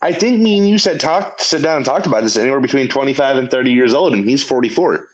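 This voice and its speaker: A man's voice: mid-range voice, animated, quick pace, rough recording. A man hosting a casual political chat, stammering and restarting his sentences as he talks. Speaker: host.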